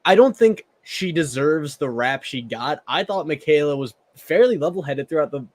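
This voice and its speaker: A man's voice: fairly high pitch, animated, normal speed. A man with a Southern American accent co-hosting a podcast, chatting casually and often repeating words as he starts a sentence. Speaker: podcast co-host. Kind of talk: casual chat.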